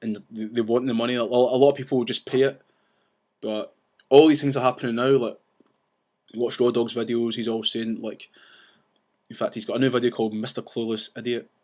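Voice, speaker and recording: A man ranting casually to the camera, rambling with restarts and asides and talking fast. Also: medium pitch, level tone, a little mellow. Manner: says he talks fast. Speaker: vlogger.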